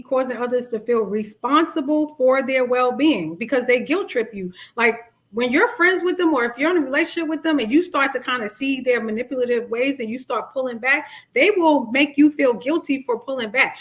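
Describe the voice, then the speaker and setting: A woman's voice: normal speed, few pauses. A middle-aged woman life coach, talking casually to a live-stream audience and acting out quoted dialogue. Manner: chatty, animated, acts out quoted dialogue in high voices. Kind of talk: live-stream talk on narcissistic abuse.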